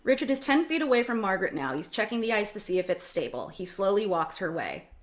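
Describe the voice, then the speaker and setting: A woman reads stage directions in a plain, even manner. Her voice sits at a middle pitch. This is an online script reading. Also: fast talker.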